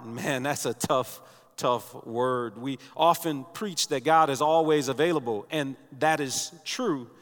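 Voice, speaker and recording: A man preaching a sermon as pastor, earnest and building to emphatic declarations, speaking in a large church sanctuary. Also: medium pitch. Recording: reverberant church hall.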